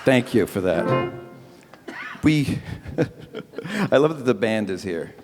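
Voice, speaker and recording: A man doing live stand-up comedy as host of an evening event, with an animated, punchy, wisecracking delivery. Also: medium pitch, slow, long reverb tail, loud music behind the voice. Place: event stage before a live audience.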